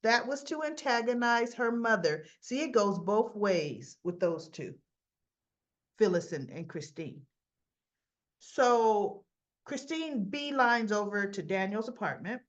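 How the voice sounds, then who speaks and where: A woman's voice: mid-range voice, animated, takes it slowly, highs cut off. A woman hosting a casual soap recap, chatty and opinionated, acting out characters' lines as she goes. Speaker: soap opera recap host.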